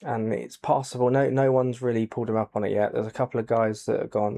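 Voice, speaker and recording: A man giving soft-spoken ASMR commentary over a racing game, quiet and low-key, with dry jokes. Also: little pitch movement, fast, gravelly. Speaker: gaming channel host.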